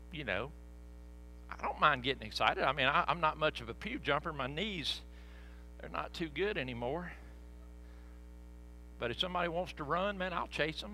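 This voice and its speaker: Animated preacher man, high and lively. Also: a little hiss or hum. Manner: folksy, animated, laughing asides to the congregation. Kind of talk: storytelling sermon. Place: church sanctuary.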